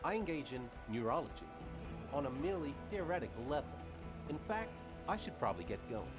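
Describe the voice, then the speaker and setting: A man's voice: on the high side, very animated, fairly quick. An actor playing a hesitant, self-effacing male academic in a video game, polite and understated. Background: game music.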